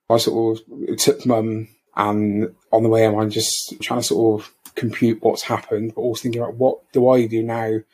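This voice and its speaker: A middle-aged Englishman tells a painful personal story in a husky, flat, somewhat low voice. He speaks haltingly, often restarting his sentences. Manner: halting, many restarts, soft-spoken. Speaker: bereaved father, guest. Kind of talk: personal storytelling, emotional recollection.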